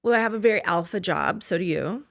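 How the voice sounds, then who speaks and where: A woman in her forties, a comedian guest chatting with wry, dry humor and quick asides. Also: lowish voice, creaky. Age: 40s. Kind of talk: casual chat.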